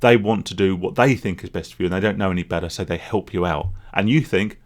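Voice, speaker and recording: A man's voice: low-pitched, fast. A man speaking candidly in a rambling, confessional solo vlog about his past as a gambling addict. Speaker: vlogger, former gambling addict. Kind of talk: reflective solo vlog monologue.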